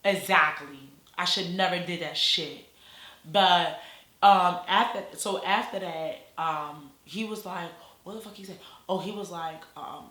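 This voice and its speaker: A woman's voice: on the low side, a little slow, fairly bright tone. A young woman telling a casual storytime vlog, rambling and swearing freely with many restarts. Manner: rambling, profane, restarts often. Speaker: vlogger. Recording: echoey room.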